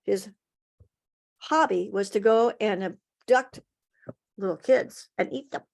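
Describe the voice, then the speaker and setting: Expressive woman telling a folktale. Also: mid-range voice, vocal fry. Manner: expressive, dramatic pauses and emphasis. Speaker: storyteller. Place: home, online story swap. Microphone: video call.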